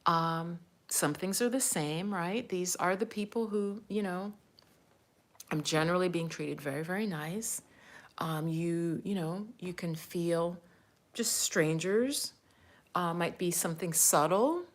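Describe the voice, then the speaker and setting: A talkative American woman in middle age hosting a casual livestream as a spiritual coach. Her voice sits a little low, and she laughs easily and slips into whispers for asides. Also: measured pace. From United States. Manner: chatty, laughs often, drops to a whisper for asides.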